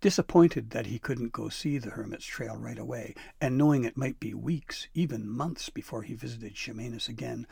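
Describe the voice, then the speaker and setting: Gravelly man narrating a storybook. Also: medium pitch, moderate pace, few pauses, a little mellow, no room sound, clean studio sound.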